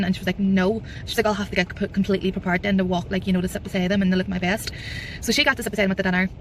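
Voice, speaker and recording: A young woman, chatting casually in a reading vlog, rambling through a plot recap with lots of quick quoted dialogue. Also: mid-range voice, a little hiss or hum. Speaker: book vlogger. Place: partly in a car.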